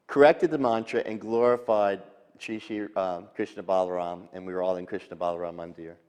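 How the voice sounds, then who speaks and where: An older man telling memories of his teacher in a halting, reminiscing way, with pauses and restarts. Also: low voice, fairly even intonation, darkish tone, smooth. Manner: halting, with fillers and restarts, quotes others in lifted voice. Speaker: disciple recounting memories. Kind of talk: reminiscing, storytelling interview. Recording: long hall reverb.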